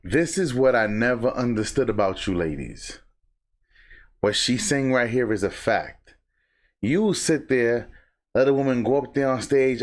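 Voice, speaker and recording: Dude doing reaction commentary, blunt and mocking, cusses a lot, talks straight to viewers. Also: male voice, lively intonation, normal speed. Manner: blunt, mocking, sings snippets in a high voice.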